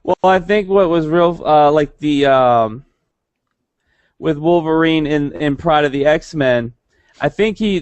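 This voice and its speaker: A man's voice: fairly high pitch, darkish tone, clear, resonant tone, no room sound. A young man co-hosting a casual podcast, rambling with many restarts. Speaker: podcast co-host. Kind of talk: casual chat.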